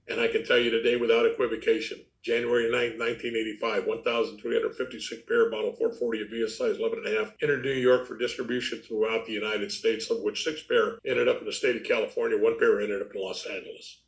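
A man's voice: on the low side, flat delivery, quick pace, hardly any pauses, echoey room. An older man, a retired detective, recalling a long investigation in a plainspoken, matter-of-fact way. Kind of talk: interview recollection.

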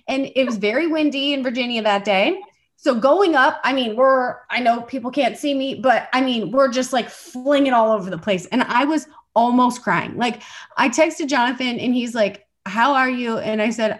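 A woman co-hosting a podcast, telling a story in a casual, animated way and acting out the quotes. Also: high-pitched, moderate pace. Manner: animated, laughing storyteller who acts out quotes. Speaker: podcast co-host.

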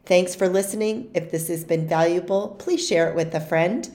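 A woman's voice: fairly low pitch, normal speed, a little mellow. A woman co-hosting a parenting podcast, closing the interview and reading sponsor messages. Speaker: podcast co-host.

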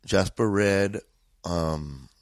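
Slangy, profane LA comedian. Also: male voice, sits low, extremely slow, dry recording. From East Los Angeles. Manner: profane, laid-back, drawling street slang. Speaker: guest comedian. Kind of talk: casual storytelling.

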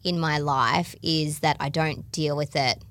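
An Australian woman co-hosting a podcast, talking in a chatty, quick way full of "like" and laughs. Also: low voice, fairly even intonation, fairly bright tone. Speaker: podcast co-host. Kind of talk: casual chat.

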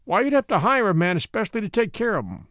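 A man's voice: sits high, big pitch swings, quick pace, a bit bright, no echo, voice pushed up. A man voicing a dry, wry middle-aged dog musher who needles his companion innocently.

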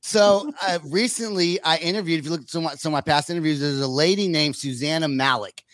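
Profane joking man, slightly high. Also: fast, a bit bright, no room sound. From California. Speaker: podcast host. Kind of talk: casual chat.

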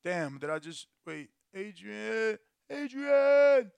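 A man's voice: high voice, very animated, takes it slowly, vocal fry, darkish tone, clear, resonant tone, no echo. A man in his forties hosting a call with fighters, brash and profane, lecturing them in a casual way. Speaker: event promoter hosting a call.

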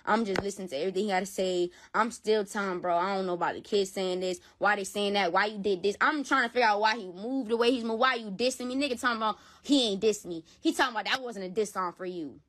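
A woman's voice: medium pitch, fast talker, few pauses, a bit bright. A woman giving an emotional personal account in an interview, heated and repetitive, swearing often. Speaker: interview guest.

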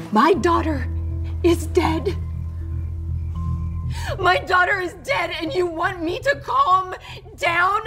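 A furious grieving mother, high and slow over film music. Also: full character voice. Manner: shouting, bitter, accusing. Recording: film clip with music underneath.

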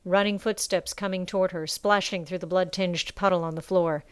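A woman reading a story aloud in measured, expressive narration. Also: fairly low pitch, clean tone, no room sound. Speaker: audiobook narrator. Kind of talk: scripted narration.

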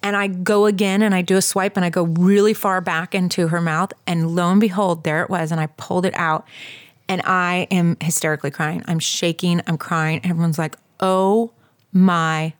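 A woman's voice: lowish voice, level tone, brisk. A woman in her thirties co-hosting a podcast, telling a story to her listeners with lots of emphasis. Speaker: podcast co-host. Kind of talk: casual storytelling chat.

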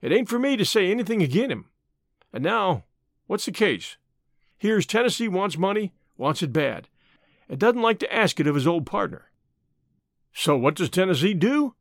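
Man doing a slow-drawling rustic old miner. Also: high voice, dry recording, clean studio sound. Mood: pleading. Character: rough, humble old gold-miner, earnest and folksy.

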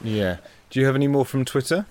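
Podcast co-host riffing animatedly. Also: male voice, mid-range voice, lively intonation, fast, a little mellow. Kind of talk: casual chat.

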